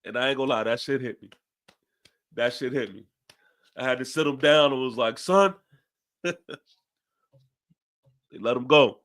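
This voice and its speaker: A man's voice: mid-range voice, a little slow, pauses often, a bit bright. A young man with a New York accent hosting a fan podcast, ranting after a loss, emphatic and repeating his phrases. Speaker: podcast host. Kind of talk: fan post-game rant.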